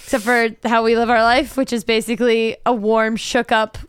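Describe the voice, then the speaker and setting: A woman's voice: on the high side, little pitch movement, moderate pace, clear, resonant tone, no room sound, studio quality. A young adult woman co-hosting a podcast in casual, playful, self-mocking chat. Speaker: podcast co-host.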